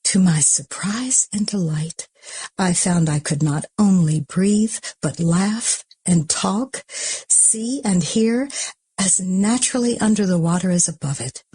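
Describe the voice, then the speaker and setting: Soft, husky woman reading aloud. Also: lowish voice. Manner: soft, slow, often breathy half-whispered reading. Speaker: audiobook narrator. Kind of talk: audiobook reading.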